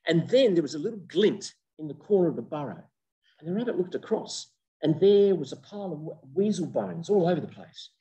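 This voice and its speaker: An older man giving a humorous keynote lecture as a professor, an animated storyteller who jokes as he goes. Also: fairly high pitch, normal speed, recorded from a distance, rough recording. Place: lecture room with online audience.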